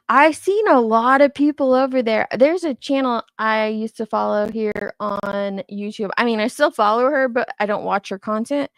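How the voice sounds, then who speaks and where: A woman's voice: mid-range voice, vocal fry, dry recording, clean studio sound. A woman in her thirties, hosting a casual livestream and chatting loosely while she reacts to viewer comments. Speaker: commentary channel host.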